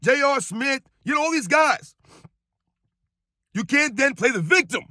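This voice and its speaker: A man's voice: extremely high pitch, animated, unhurried, bright, forceful tone, no echo, studio quality. A man giving an emphatic, scornful sports rant, hammering his points home with repetition. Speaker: sports commentator. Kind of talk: ranting sports commentary.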